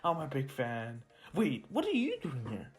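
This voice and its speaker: A man's voice: medium pitch, huge pitch swings, moderate pace, background noise. A man putting on a mocking young male villain who giggles and taunts in a sing-song voice.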